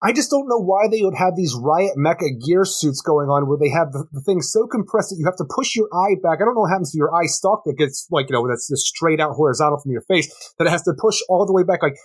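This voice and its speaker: A man's voice: a little high, expressive, quick pace, hardly any pauses, breathy edge. A man co-hosting a casual comic book podcast, wry and ranting about plot details. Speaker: podcast co-host.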